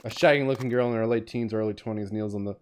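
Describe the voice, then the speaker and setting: A man's voice: lowish voice, rapid-fire, smooth. A man streaming a video game, reading its text aloud and acting out lines dramatically between casual remarks. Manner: animated, reads game text in dramatic voices. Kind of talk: gameplay commentary, reading aloud.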